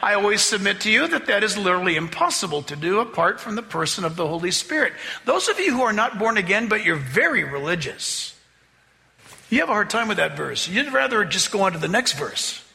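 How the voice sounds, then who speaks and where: A man preaches a sermon in a church sanctuary, his voice high and sharply bright. He drags out scripture readings for emphasis and swings his pitch widely as he works the congregation. A long hall reverb hangs on every phrase. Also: big pitch swings, gravelly. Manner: emphatic, slows down to read scripture, mimics voices for illustration. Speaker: pastor.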